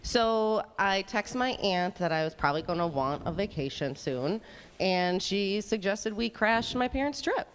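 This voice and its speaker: A woman from Southeast Wisconsin, a radio guest telling a story in a lively, chatty way. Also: mid-range voice, long reverb tail, slight background noise, rough recording. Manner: lively, chatty, quick bursts. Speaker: guest caller on radio show. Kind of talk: casual storytelling. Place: resort hotel on location.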